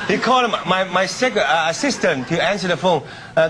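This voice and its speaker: A man telling a story as a talk show guest in halting, broken English. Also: sits high, animated, a bit bright. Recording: studio audience noise.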